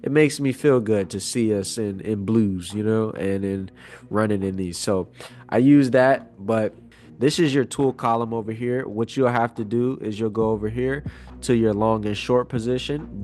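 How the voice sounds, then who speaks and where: A man hosting a casual screen-share tutorial, talking in a relaxed, rambling way with many fillers. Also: lowish voice. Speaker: trading tutorial host. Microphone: wireless clip-on mic.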